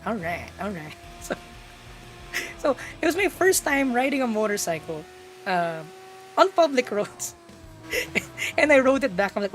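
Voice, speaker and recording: Excitable young woman streamer, stammering. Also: mid-range voice, poor audio. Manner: excitable, loud, stammering, laughing often. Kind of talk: casual chat with stream chat.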